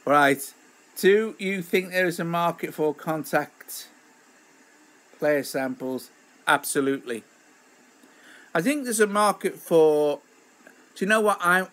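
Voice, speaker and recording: A man's voice: on the high side, takes it slowly, pauses often, a bit bright. A man hosting a casual live stream from home, rambling and chatty as he greets viewers by name.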